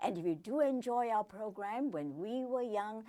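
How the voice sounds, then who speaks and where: A woman from Singapore hosting an interview, bubbly and encouraging with quick asides. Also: mid-range voice, animated, dark tone. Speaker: host. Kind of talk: interview chat.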